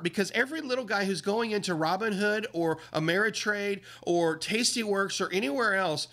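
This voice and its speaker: A man hosting a livestream, talking casually with indignant, emphatic commentary that swings up and down in pitch. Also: brisk, few pauses, pushed and bright. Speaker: livestream host.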